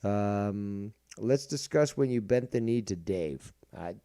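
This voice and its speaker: A man's voice: on the low side, animated, takes it slowly, dark tone, clean tone. A man hosting a commentary show, ranting in a crude, profane and mocking way, rambling with many fillers. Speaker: show host.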